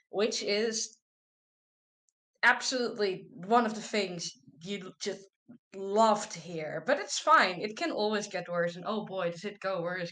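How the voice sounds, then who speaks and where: A woman player wryly recapping a tabletop game session with sarcastic asides. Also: mid-range voice. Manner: sarcastic, wry.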